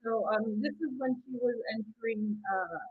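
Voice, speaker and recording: A woman with a slightly high voice speaks earnestly as co-host of a political commentary show. She explains things at length and leans on fillers as she goes. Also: normal speed, husky, phone-quality sound.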